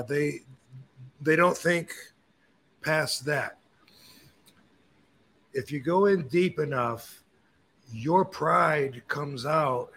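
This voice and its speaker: A man hosting a podcast, telling stories and opinions in a casual, animated way, with frequent swearing. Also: on the high side, a little hiss or hum. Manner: animated, profane storyteller. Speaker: podcast host. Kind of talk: casual chat.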